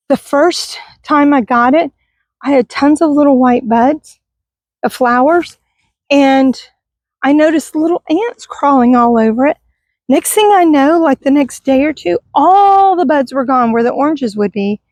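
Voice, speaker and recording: Middle-aged woman from Texas, fairly high voice, dry outdoor sound, rambling and wistful vlog chat. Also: a little mellow, no echo. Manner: rambling, wistful, chatty with viewers. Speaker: vlogger. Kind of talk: casual garden tour vlog. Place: outdoors in a yard by a busy street. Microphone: handheld camera.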